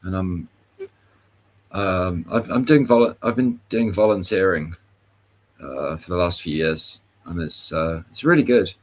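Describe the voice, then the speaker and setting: A man's voice: sits low, measured pace. A man chatting easygoingly on a live call, talking hesitantly with a few stumbles. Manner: easygoing, hesitant, with fillers and restarts. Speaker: participant in open discussion. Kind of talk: casual chat on a live voice call.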